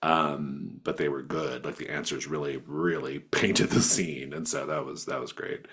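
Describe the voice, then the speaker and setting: A man's voice: rumbling low, steady tone, unhurried, fairly bright tone, breathy edge. A man running a tabletop role-playing game, chatting casually and with enthusiasm as he wraps up the session, rambling with many fillers. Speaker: game master. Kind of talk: casual wrap-up chat.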